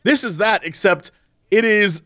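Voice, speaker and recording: A man co-hosting a podcast in casual chat, excitable and swearing freely. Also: high voice, unhurried, no room sound, studio quality. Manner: excitable, swearing, puts on mock voices. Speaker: podcast co-host.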